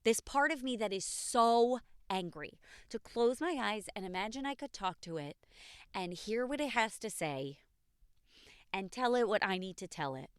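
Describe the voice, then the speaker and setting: A woman's voice: mid-range voice, expressive, normal speed, clean tone, no echo, studio quality. A woman hosting an unscripted personal podcast, talking candidly and passionately and swearing freely. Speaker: podcast host.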